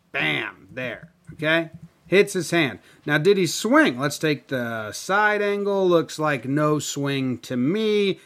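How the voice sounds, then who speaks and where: A man's voice: a little high, fairly bright tone. A man giving a profane, sarcastic breakdown of a video clip, acting out the people he quotes.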